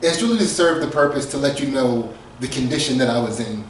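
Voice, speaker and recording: A man's voice: mid-range voice, animated, fairly quick, a little hiss or hum. A man co-hosting a podcast, telling a comedic story casually, laughing often and acting out quotes. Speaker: podcast co-host. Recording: echoey room, far from mic.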